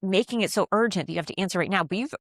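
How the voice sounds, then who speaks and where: A woman giving a calm, faith-based self-help talk on handling conflict. She teaches step by step and slows down to stress key phrases. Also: mid-range voice, no room sound. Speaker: communication coach.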